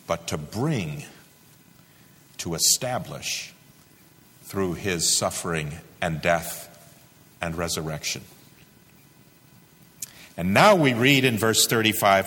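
A man preaching a sermon, with dramatic rises to loud peaks and drops to a hush. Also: deep voice, sing-song, slow pace, pauses often. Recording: reverberant hall.

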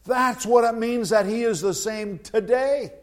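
A man delivering a sermon in a high voice. He speaks slowly and deliberately, leaning on repeated phrases for emphasis. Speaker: preacher.

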